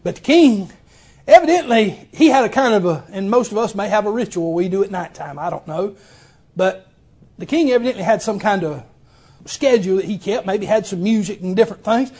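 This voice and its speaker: A man, preaching with a strikingly high-pitched voice. He tells the story in a folksy, homespun way, full of exclamations and chuckles. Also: animated, brisk, darkish tone, husky. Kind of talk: folksy sermon.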